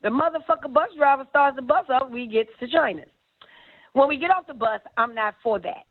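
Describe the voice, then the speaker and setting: Woman spilling tea, cussing a lot, kinda high voice, sounds like she's on the phone. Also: brisk. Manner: animated, profane, acts out quotes. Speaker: guest telling stories. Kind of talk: casual storytelling. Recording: tinny phone-like line.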